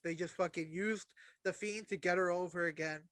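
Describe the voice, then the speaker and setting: A man's voice: high voice, steady tone, normal speed, a bit bright, no room sound. A man co-hosting a wrestling podcast who talks bluntly and swears heavily. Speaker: podcast co-host. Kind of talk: casual wrestling chat.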